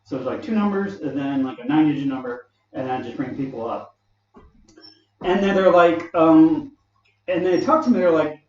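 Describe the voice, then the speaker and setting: A man tells his stories in a loose, rambling way, breaking into laughs and playing out what others said. His voice sits a little high and sounds set back from the mic. The recording is muffled and strongly echoey. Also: animated, moderate pace, darkish tone. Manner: laughs often while talking, acts out quoted people. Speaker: vlogger telling work stories. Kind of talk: rambling casual storytelling. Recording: echoey, dull, from far off the mic.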